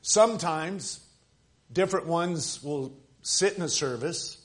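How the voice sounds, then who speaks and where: Preaching pastor, loud then hushed. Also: male voice, on the high side, takes it slowly. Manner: preaching with swings between loud emphasis and soft near-whispers. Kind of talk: sermon. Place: church service.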